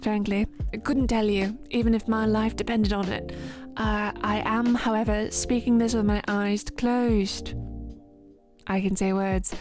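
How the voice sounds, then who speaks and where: A woman's voice: medium pitch, little pitch movement, measured pace. A tipsy woman live streamer signing off in a rambling, self-mocking, swearing chat, with music behind. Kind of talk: casual end-of-stream chat.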